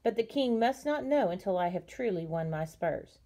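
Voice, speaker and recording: A woman's voice: mid-range voice, expressive, moderate pace, mellow, lightly acted. A woman reading the lines of a humble, brave young kitchen boy in a story. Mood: earnest. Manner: earnest, respectful.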